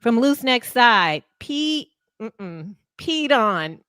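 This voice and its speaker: A woman co-hosting a casual sports talk show, giving upbeat shout-outs with teasing asides. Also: on the high side, very animated, drawn-out words, clear, resonant tone, no echo, studio quality. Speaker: co-host reading viewer donations.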